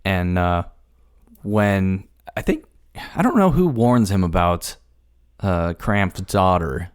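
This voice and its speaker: A man with a fairly low voice chats about a movie in an easygoing podcast. The sound is dry and close, with no room echo, and his tone stays relaxed as he fills in plot details. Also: slow pace, clean tone. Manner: laid-back, adds details and chuckles. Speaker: podcast co-host. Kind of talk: casual film recap chat.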